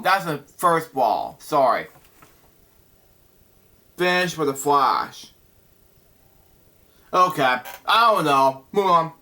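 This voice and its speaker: A man reviewing comic books out loud, halting and restarting, with exasperated asides. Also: fairly high pitch, sing-song. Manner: halting, with many fillers and restarts. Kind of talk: casual reading and commentary.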